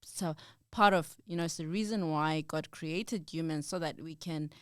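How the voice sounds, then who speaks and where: A woman talking calmly and reflectively as a podcast guest, explaining her ideas through everyday examples. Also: deep voice, normal speed, no echo, clean studio sound. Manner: calm, reflective, uses everyday analogies. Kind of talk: faith-based conversation.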